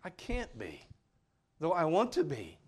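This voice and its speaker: Folksy preacher guy, earnest and pleading, kinda high voice. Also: huge pitch swings, a little slow, slightly rough. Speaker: pastor. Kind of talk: sermon.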